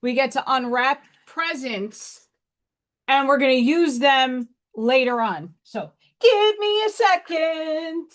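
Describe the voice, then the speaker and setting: A woman hosts a casual live stream from home with a fairly high voice. She talks slowly and loosely, drifting into rambling asides and laughing often. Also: lively intonation.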